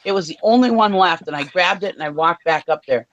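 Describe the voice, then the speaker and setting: Speaking fairly quickly in a lowish voice, a female co-host rants her way through a story on a casual show, cursing without holding back. The sound quality is lo-fi.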